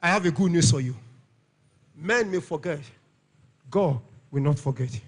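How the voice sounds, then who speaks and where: A middle-aged Nigerian man preaching a church sermon with a Nigerian accent, shouting lines and calling for the congregation's amens. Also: on the high side, normal speed, husky. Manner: shouting, call-and-response preaching. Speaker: pastor.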